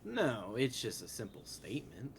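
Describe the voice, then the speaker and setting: A man's voice: medium pitch, big pitch swings, normal speed, creaky, slightly rough. A man playing a tabletop role-playing game, blunt and direct. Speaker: player.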